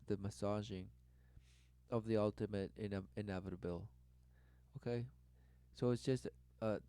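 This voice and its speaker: A man giving religious commentary over clips, repeating rhetorical questions and swinging between loud bursts and low mutters. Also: clean tone, no room sound. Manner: repetitive rhetorical, keeps asking "who knew". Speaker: online commentator.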